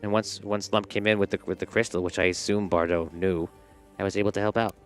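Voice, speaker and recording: A man narrating as game master of a tabletop role-playing game, rambling and relaxed with many fillers. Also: deep voice, fast talker, smooth, faint music behind.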